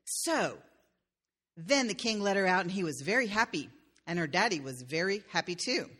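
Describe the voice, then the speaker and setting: A woman's voice: fairly low pitch, sing-song, normal speed, a bit bright. A woman pastor telling a fairy tale in a sermon, with playful asides to the listeners.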